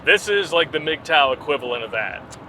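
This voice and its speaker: A man's voice: on the high side, lively intonation, normal speed, pushed and bright, a little hiss or hum. A man co-hosting a show, mocking a news story in sarcastic banter as he reads it aloud. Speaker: podcast co-host.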